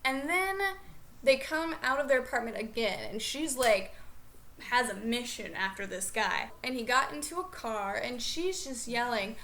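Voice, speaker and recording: A young woman vlogger telling a funny story in a chatty, animated way. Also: fairly high pitch, unhurried. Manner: chatty, animated, lots of "like" fillers. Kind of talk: comedic storytelling vlog.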